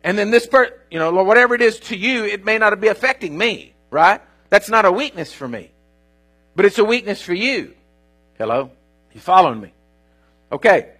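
High, bright-voiced male preacher. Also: animated, normal speed, slightly rough. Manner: emphatic, checks in with listeners. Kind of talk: sermon.

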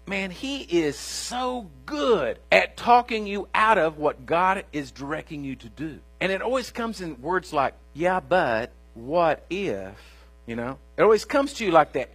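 High bright-voiced man preaching. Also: husky. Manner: animated, acts out inner dialogues in shifting voices; folksy, addresses congregation directly. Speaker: pastor. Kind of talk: sermon.

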